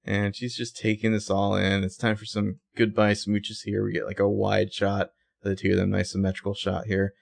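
A man's voice: lowish voice, monotone, moderate pace, gravelly, hardly any pauses. A man co-hosting a podcast, casually recapping a TV episode, laid-back, laughing easily and swearing now and then. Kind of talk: casual chat.

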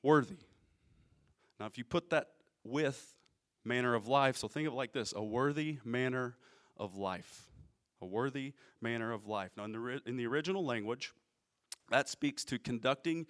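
A man of medium pitch preaches a sermon in a relaxed, conversational way. He explains things patiently and keeps checking in with the congregation, asking them questions as he goes. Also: moderate pace. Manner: casual, explanatory, asks the audience questions.

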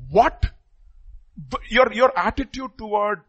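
A pastor preaching a sermon emphatically, his voice swinging from loud outbursts to hushed asides. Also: sits high, slow, lo-fi sound.

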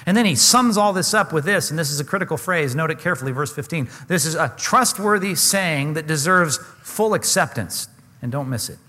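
A man's voice: on the high side, lively intonation, fairly quick, sharp tone, big-room sound. A man preaching a sermon, earnest and emphatic, often asking his listeners questions. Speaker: pastor.

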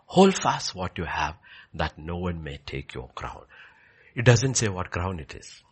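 A male pastor preaching a sermon, emphatic and repeating key phrases, swinging between loud declarations and quiet, low passages. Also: very animated, a little slow, husky.

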